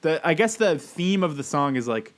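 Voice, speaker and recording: A man's voice: on the high side, sing-song, moderate pace. A man co-hosting a casual podcast chat, rambling with lots of fillers and reading aloud in a wry tone. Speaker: podcast co-host.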